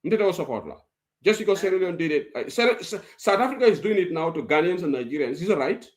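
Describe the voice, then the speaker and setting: A man's voice: high voice, lively intonation, fast. A man hosting a current affairs talk show, emphatic and argumentative, slipping into local language. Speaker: host.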